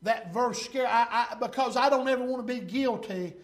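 A man with a strikingly high voice, preaching with fervor. He swings between shouting and quiet confiding, drawing out scripture verses slowly. His asides to the congregation are plain and folksy. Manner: fervent, swinging from loud to hushed, folksy asides; reads scripture slowly and deliberately. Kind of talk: sermon.

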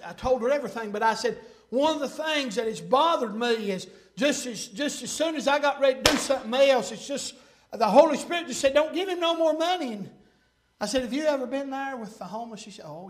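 High-voiced preacher man. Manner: folksy storytelling, rising to fervent shouting. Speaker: pastor. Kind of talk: sermon.

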